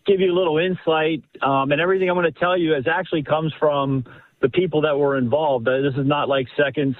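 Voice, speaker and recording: A man calling in to a radio show, telling a family story in an animated, rambling way with many restarts. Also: fairly high pitch, fairly quick, no echo. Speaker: caller. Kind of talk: casual storytelling on a phone-in. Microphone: telephone. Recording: husky voice over a tinny phone line.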